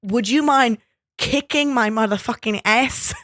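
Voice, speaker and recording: A woman puts on a worn-out oak king who talks like a hard-partying pop star, with a higher, louder voice than her usual talk. She swears freely and begs to be relieved. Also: a little slow, no echo, studio quality. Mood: weary pleading. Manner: profane, weary, pleading.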